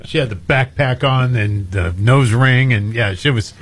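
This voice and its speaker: A man co-hosting talk radio, telling a story in an animated way. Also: medium pitch, unhurried. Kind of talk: casual chat.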